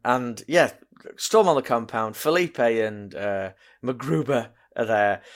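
A man in casual chat, giggling and animated as he describes film scenes. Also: mid-range voice, slow. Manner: giggly, animated, laughing through his points. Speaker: podcast co-host.

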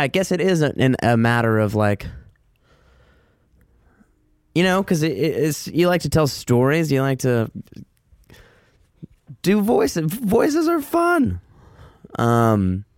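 A man's voice: clean tone, no echo, studio quality. A man hosting a casual solo podcast, rambling loosely with lots of swearing, filler words and self-mocking asides. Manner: loose, self-mocking, lively swings in pitch. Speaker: podcast host.

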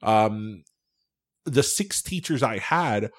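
A man's voice: fairly low pitch, lively intonation, takes it slowly. Easygoing Miami man, podcast host. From Miami, Florida. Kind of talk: casual podcast chat.

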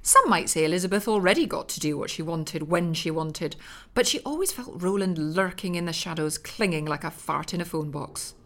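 A woman narrating a comic story in a dry, deadpan manner. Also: on the low side, moderate pace.

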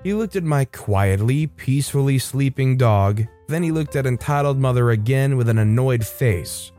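A man with a mellow, dark voice reads a story aloud as scripted narration. His telling is relaxed and easy, and he sometimes slows down for effect. Faint music plays behind him. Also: medium pitch.

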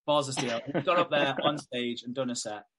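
A man's voice: mid-range voice, fairly quick, fairly bright tone, slight background noise. Man, podcast co-host, casual chat, laughs a lot. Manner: laughs often, recapping a TV show.

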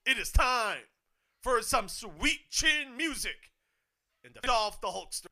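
A man giving excited live wrestling commentary, swinging from hushed muttering to sudden shouts, swearing and laughing often. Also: extremely high pitch, takes it slowly. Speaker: co-host of a wrestling watch-along.

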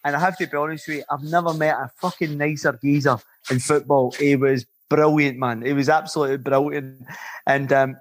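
A middle-aged man, a former footballer turned coach, telling swearing, animated stories with laughter on a podcast. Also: fairly high pitch, fairly quick. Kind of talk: podcast storytelling.

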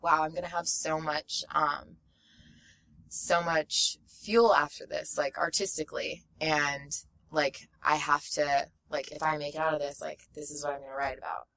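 Bright-voiced young woman telling a rambling story. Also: low-pitched, little pitch movement, moderate pace, gravelly, recorded from a distance. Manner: rambling, full of fillers, laughs often, acts out quotes. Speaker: guest. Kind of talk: casual storytelling chat.

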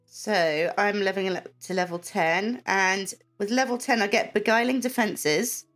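Woman player reading spell text, plain steady voice, faint music. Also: mid-range voice, unhurried. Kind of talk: reading rules aloud, casual chat.

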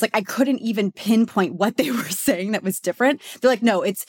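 Woman, young adult, casual co-host chat, playful, laughing, fairly high voice, dry close sound. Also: a little fast, hardly any pauses, no echo. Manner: animated, laughing often, playful. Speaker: podcast co-host.

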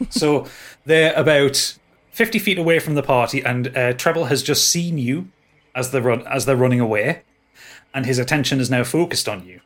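A man's voice: medium pitch, a bit bright. A man in the middle of his range runs a tabletop game over a voice call. He narrates with many stammered restarts while he sets the scene for his players. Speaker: game master. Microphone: home microphone on a voice call.

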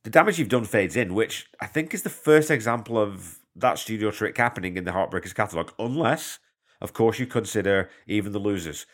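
Low-voiced man hosting a music podcast. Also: lively intonation, a little fast. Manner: chatty, enthusiastic, conversational with asides. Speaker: podcast host. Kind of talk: casual music commentary.

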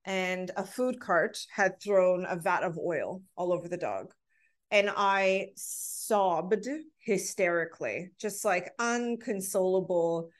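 A woman's voice: fairly low pitch, slow. A woman in her thirties, a podcast guest, talking in an earnest, heartfelt way as she tells personal stories in a casual conversation.

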